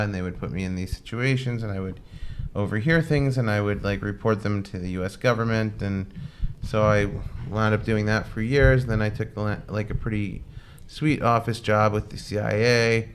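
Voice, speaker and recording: A man's voice: on the low side, steady tone, moderate pace, hardly any pauses, slight background noise, lightly acted. A man voicing a talking dog who brags about his past while claiming to be modest. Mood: smug. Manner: laid-back, falsely modest. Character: boastful retired male talking dog.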